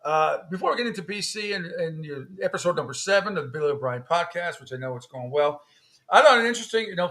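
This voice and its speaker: A man's voice: a little high, a bit bright. A man with a slightly raised voice hosts sports talk radio. He is opinionated and conversational, and he laughs easily. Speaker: radio host.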